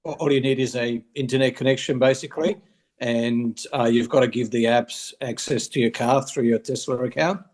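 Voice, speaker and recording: A man's voice: mid-range voice, steady tone, moderate pace, a little mellow. A man co-hosting a club show, giving casual explanations with many ums and uhs. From Australia. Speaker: club co-host.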